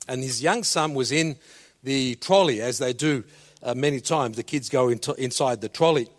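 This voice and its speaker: Bright-voiced preacher in a reverberant hall. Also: male voice, on the high side. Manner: animated, repeats words as he starts sentences. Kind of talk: sermon with storytelling. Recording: long reverb of a large hall.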